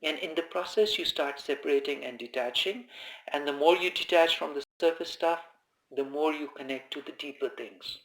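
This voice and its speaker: A man giving informal spoken meditation instruction, calm and conversational, who repeats his key phrases. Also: on the high side, moderate pace. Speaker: meditation teacher. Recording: echoey room.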